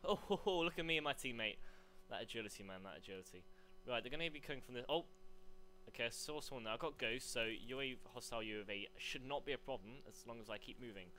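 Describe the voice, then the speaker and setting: A young man commentating live on his gameplay, rambling between chat and excited yelps. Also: mid-range voice, quick pace, a little hiss or hum. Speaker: gaming commentator.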